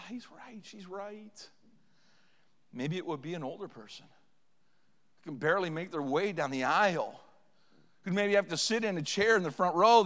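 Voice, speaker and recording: A man's voice: high-pitched, a bit bright, big-room sound. A man preaching a revival sermon in a church. He speaks with passion and acts out pleading prayers, his voice climbing as they build. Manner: impassioned, acts out pleading prayers with rising volume. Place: church sanctuary.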